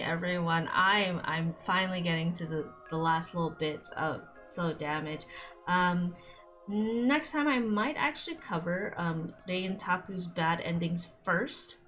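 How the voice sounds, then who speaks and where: A young woman let's-play streamer wraps up a game episode, chatting casually and emotionally, rambling with lots of "like" and little laughs. Her voice is fairly low in pitch with a fairly bright tone.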